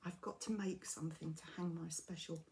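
A woman crafting vlogger chatting casually as she opens gifts, gushing and gasping, often dropping to a soft breathy near-whisper. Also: lowish voice, fairly even intonation, a little fast, slight background noise. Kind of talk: casual unboxing chat.

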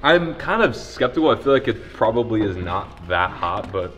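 A man's voice: lowish voice, very animated, moderate pace, a bit bright, slight background noise. A young man hosting a fishing vlog outdoors, chatting casually and joking crudely. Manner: joking, crude, hype outro. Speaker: fishing channel host.

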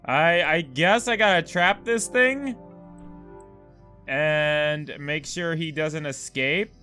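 A man's voice: a little high, slow, pushed and bright, faint music behind. A young man commenting as he plays a puzzle game, rambling and self-mocking as he thinks aloud. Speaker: gaming video host. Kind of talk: let's-play commentary.

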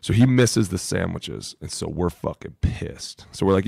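A man's voice: low-pitched, animated, moderate pace, creaky, hardly any pauses, darkish tone, slightly rough, no echo. A man co-hosting a football podcast, a former lineman telling profane, emphatic locker-room stories in casual chat.

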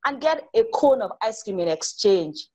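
A woman voicing a stern, exasperated mother in a children's story, with a shrill, scolding delivery. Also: big pitch swings, moderate pace, darkish tone.

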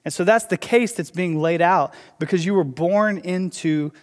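Pastor preaching in a reverberant church hall. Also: male voice, high voice. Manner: conversational storytelling with quick asides and repeated restarts. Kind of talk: sermon. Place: church auditorium.

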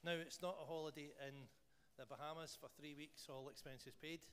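A man's voice: fairly high pitch, normal speed. A man with a Scottish accent leading a church service, praying and then running a playful quiz for the congregation. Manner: playful, jokey, animated with the room. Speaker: church leader. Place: church hall. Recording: long church-hall reverb, faint noise.

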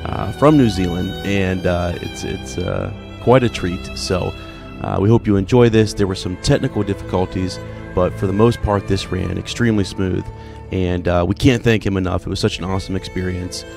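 A man hosting a podcast who introduces an interview in a halting way, with many fillers. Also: low-pitched, steady tone, vocal fry, darkish tone. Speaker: podcast host. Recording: music playing underneath.

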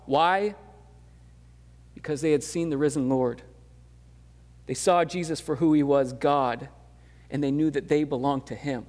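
A man with a slightly high voice delivers a sermon in a conversational, easygoing way, scattering fillers before rising to emphatic questions. His voice rings out with the long reverb of a church hall. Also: steady tone, unhurried, pauses often, a little mellow. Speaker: pastor. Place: church sanctuary.

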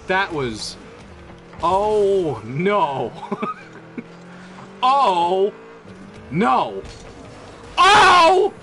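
A man streaming live gameplay commentary, excitable and sarcastic, breaking into laughter and yelps. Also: fairly high pitch, measured pace, over music. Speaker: gaming streamer.

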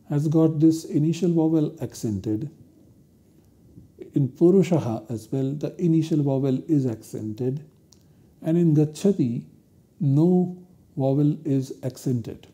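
A man giving a university lecture, explaining step by step in a slow, deliberate way. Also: a little high, warm tone. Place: recorded lecture studio.

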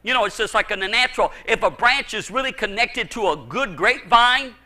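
A male pastor delivering an impassioned sermon in a strikingly high voice. His tone is sharp and ringing. He repeats and restarts words as he presses each point with emphasis. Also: lively intonation, a little fast. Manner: fervent preaching with frequent stammered repeats.

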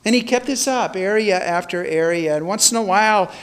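Guy preaching in a church, high voice, tells it big and dramatic. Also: brisk, clean tone. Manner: dramatic storytelling, rising to loud calls. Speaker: pastor. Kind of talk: sermon. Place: church sanctuary.

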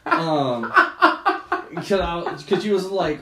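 A man's voice: sits high, animated, normal speed, echoey room, noisy background. A man co-hosting a podcast, telling stories in casual chat, laid-back and laughing often. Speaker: podcast co-host.

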